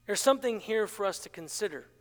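A man preaching a sermon as pastor, swinging between loud, urgent passages and hushed, quiet lines. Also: sits high, animated, fast. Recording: long hall reverb.

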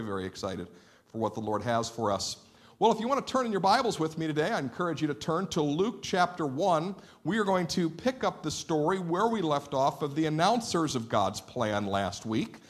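A middle-aged man preaching a sermon in a church sanctuary, a lively and playful storyteller who acts out the dialogue in his anecdotes. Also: on the high side. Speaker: pastor.

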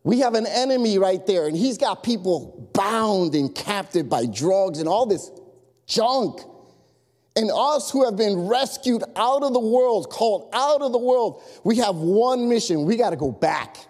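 Animated pastor preaching in a big echoing hall. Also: male voice, high-pitched, measured pace. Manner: animated, repetitive exhortation with asides. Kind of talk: sermon. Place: church sanctuary. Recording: long echo of a large hall.

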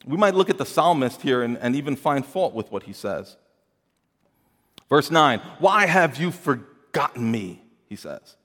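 A man's voice: medium pitch, sing-song, moderate pace, long pauses. Earnest preaching man in a reverberant hall. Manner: earnest, swings from hushed to rising emphasis, repeats words. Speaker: pastor. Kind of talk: sermon.

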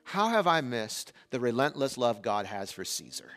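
A man in his forties preaching a sermon as pastor, animated and shifting between loud emphasis and hushed asides, in a church. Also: mid-range voice, moderate pace, faint music behind. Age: 40s.

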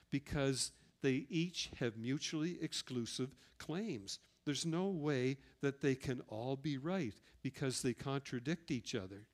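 A middle-aged man preaching a sermon and telling personal stories earnestly. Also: medium pitch. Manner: earnest storytelling with personal anecdotes. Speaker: pastor.

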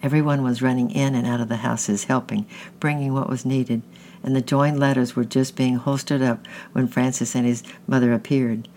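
A man's voice: mid-range voice, fairly even intonation, normal speed, a little mellow, a little hiss or hum. Man reading a novel aloud, stumbling. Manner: plain reading with frequent slips and restarts. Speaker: audiobook reader.

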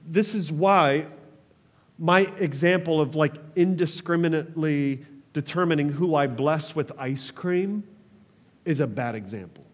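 A man's voice: on the high side, measured pace, in a large hall. A man preaching a sermon as pastor, passionate, calling on the congregation to respond.

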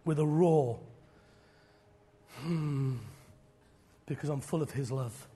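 A middle-aged man preaches with a high, husky voice. He swings between loud, fiery declarations and soft, breathy near-whispers. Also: slow pace. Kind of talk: sermon.

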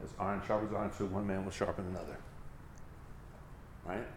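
A man's voice: low voice, level tone, brisk, reverberant, a little hiss or hum. A man preaching a sermon as a pastor, driving each point home with emphatic repetition.

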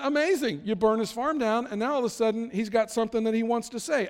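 A man's voice: extremely high pitch, animated, normal speed, hardly any pauses. A man telling a sermon story in a casual, conversational way, now and then acting out what the characters say. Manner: casual retelling with acted-out quotes. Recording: long hall reverb.

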